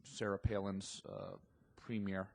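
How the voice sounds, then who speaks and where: A man's voice: low voice, flat delivery, slow, creaky, darkish tone. A man hosting a podcast, chatting casually and asking his guest leading questions. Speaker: podcast host. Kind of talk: casual conversation.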